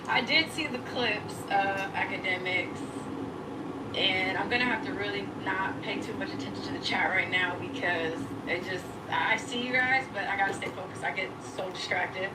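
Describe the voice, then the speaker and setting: A woman's voice: medium pitch, normal speed, over loud music. A woman on a livestream, defiant and profane, scolding critics in a confrontational rant. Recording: distant, echoey, noisy stream audio.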